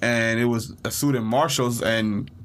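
A man co-hosting a podcast, telling a childhood story in a casual way and jumping into high, panicked yelps when he acts out his own part. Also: steady tone, measured pace, fairly bright tone. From Bahamas. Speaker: podcast co-host.

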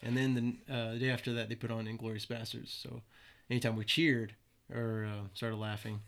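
A man in his twenties tells stories in a relaxed, conversational way. He swears freely and often laughs at what he is describing. His voice sits at an ordinary middle pitch. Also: fairly quick, gravelly. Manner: loose and profane, laughs at his own stories. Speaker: guest. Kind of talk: casual storytelling.

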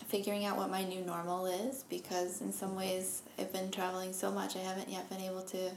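Woman talking slow and thoughtful, gravelly voice, echoey room. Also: mid-range voice, completely flat delivery. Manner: thoughtful, measured, trails off softly. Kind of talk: casual reflective chat. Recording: echoey room with faint noise.

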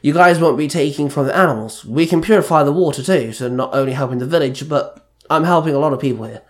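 A man doing a calm, kind young leader. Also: a little high, fast, lightly acted. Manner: calm, explaining. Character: kind young aid worker, male leader.

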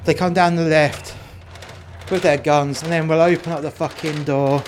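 A man's voice: fairly high pitch, steady tone, moderate pace, background noise. A man in casual game role-play chat, crude and heavily profane, rambling through stories as he goes. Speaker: player in prison role-play.

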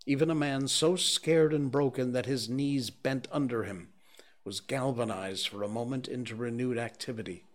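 A man reading a novel aloud as an audiobook narrator, in a slow, measured and grave way. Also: mid-range voice. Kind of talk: scripted narration.

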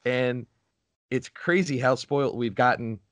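A man's voice: mid-range voice, unhurried, dry recording. A man co-hosting a podcast in casual chat, rambling, laughing often and wandering off on tangents. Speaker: podcast co-host.

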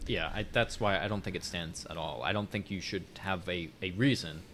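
A man's voice: deep voice, moderate pace, background noise. A man co-hosting a podcast, talking casually and reading an article aloud. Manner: conversational, reads articles aloud. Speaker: podcast co-host.

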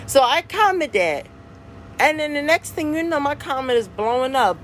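A young woman hosting her own podcast, chatting casually in a slangy, animated way and laughing often. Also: high voice, moderate pace, a little hiss or hum. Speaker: podcast host. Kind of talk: casual solo podcast chat.

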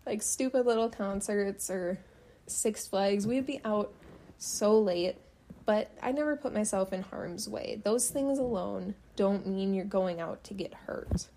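Chatty, sarcastic young woman with a mellow voice. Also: mid-range voice, a little slow. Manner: sarcastic, chatty, frequent fillers. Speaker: podcast host. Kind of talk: casual true-crime narration.

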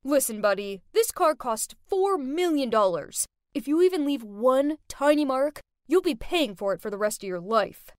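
A woman voicing an arrogant rich teenage boy who shouts threats. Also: high-pitched, lively intonation, moderate pace, few pauses, dry recording, studio quality. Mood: threatening.

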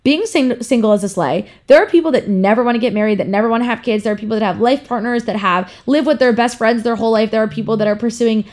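A woman's voice: fairly high pitch, fast, few pauses, darkish tone. Frank, profane young woman giving a pep talk. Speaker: podcast host, influencer. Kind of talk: casual heartfelt monologue.

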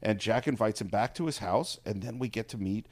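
A man's voice: on the low side, brisk. A man co-hosting a film podcast, talking eagerly and repeating words as he searches for the right phrase. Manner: enthusiastic, repeats words while searching for them. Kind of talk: casual film discussion.

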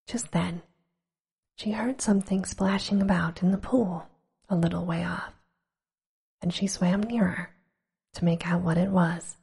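A woman reading a storybook aloud in a slow, hushed, gentle whisper. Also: on the low side, steady tone, vocal fry, slightly rough.

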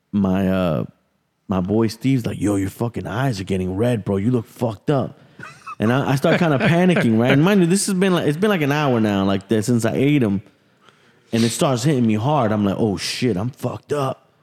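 A man in a casual podcast chat tells a story full of swearing and animated asides. His voice sits at an ordinary pitch, and the recording carries a long, ringing reverb. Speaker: podcast host.

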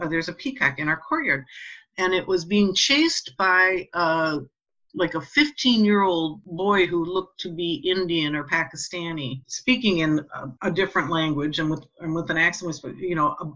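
A woman telling a personal story in a casual, animated way, acting out the voices of the people in it. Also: lowish voice, highs cut off.

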